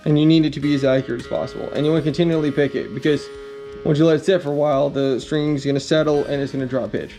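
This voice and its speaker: A man walks through guitar setup in a loose, rambling teaching style, full of ums and the odd blunt curse. His voice sits a bit high for a man but sounds warm and mellow. A faint guitar plays behind him. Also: racing. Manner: relaxed, rambling, frequent ums, blunt mild cursing. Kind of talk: casual instructional talk.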